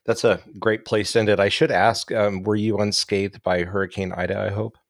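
Deep-voiced man hosting a podcast. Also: level tone, moderate pace, no echo, studio quality. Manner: hesitant, many restarts and fillers. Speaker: podcast host. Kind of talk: podcast interview.

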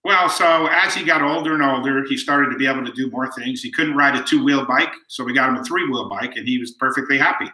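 Middle-aged guy telling stories, super bright tense voice, roomy echo. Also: medium pitch, fast, hardly any pauses. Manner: warm anecdotal storyteller, quotes people. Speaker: guest. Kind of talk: storytelling interview.

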